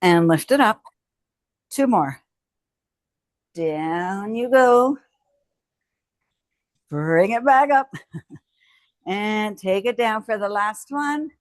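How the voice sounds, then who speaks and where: Here a woman instructor guides viewers through a home strength routine, announcing moves and cheering often. She talks very slowly with frequent pauses, her medium-pitched voice lively, with no room sound.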